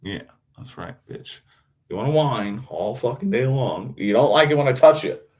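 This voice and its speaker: A man's voice: medium pitch, animated, normal speed. A man chatting casually on a live stream, swearing constantly as he rambles about his knives and answers chat. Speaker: knifemaker streamer.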